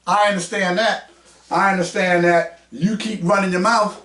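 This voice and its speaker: A man hosting his own podcast, combative and mocking, raising his voice to a shout as he rants. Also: high voice, fairly even intonation, moderate pace. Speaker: podcast host. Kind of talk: heated podcast rant. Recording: roomy echo, mic at a distance.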